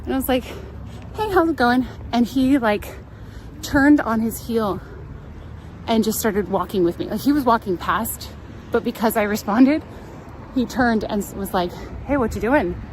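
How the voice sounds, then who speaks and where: A woman's voice: on the high side, normal speed, long pauses, a little mellow, rough recording. A young woman from California chatting and telling stories on a live travel stream while walking down a street. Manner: chatty, storytelling, laughs often, reads out chat. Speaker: travel vlogger. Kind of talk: casual live-stream chat. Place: outdoors on a town street. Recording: outdoor street noise. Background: traffic and street noise.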